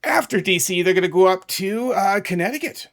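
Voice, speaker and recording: Rambling middle-aged man, somewhat high voice. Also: expressive, brisk, fairly bright tone. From New England, USA. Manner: rambling, with asides and self-corrections. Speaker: YouTube music channel host. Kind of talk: casual chatty talk over a map.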